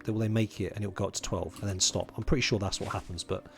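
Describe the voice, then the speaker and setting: A man's voice: fairly low pitch, fairly even intonation, fast, gravelly. A man from London, streaming a game, chatting casually, muttering to himself while he plays and greeting viewers in chat. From England (London). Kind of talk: casual livestream commentary.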